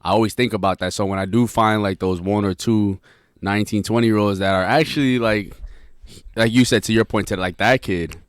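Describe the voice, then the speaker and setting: Deep-voiced young man, rambling slang. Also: fairly even intonation, a little fast, clean tone, no room sound, studio quality. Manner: rambling, full of restarts and slang. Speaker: podcast co-host. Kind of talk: casual chat.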